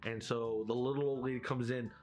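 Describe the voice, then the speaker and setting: Brief: mid-pitched man, rambling casual chat, faint music under him. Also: brisk. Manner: rambling and animated, full of filler words. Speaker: video creator.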